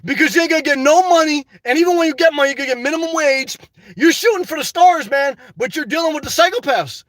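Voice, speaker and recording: A man's voice: very high voice, fast talker, a bit bright, no room sound. An older man hosting a casual live stream, reading viewer comments aloud and answering them by name in a blunt, unfiltered way, swearing freely.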